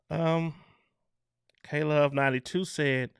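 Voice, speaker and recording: Slow-talking gravelly-voiced man host. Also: on the high side, steady tone, no room sound, clean studio sound. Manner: chatty, loose, laughs between comments. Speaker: online show host. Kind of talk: casual live-stream commentary reading viewer comments.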